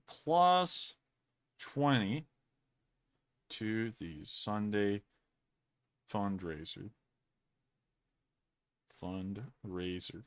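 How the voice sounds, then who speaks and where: A man from Alabama, co-hosting a casual livestream, reading out donations and thanking viewers at length, with a lot of repetition. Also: on the low side. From Alabama, USA. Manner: thankful, rambling, repeats thanks often. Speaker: livestream co-host.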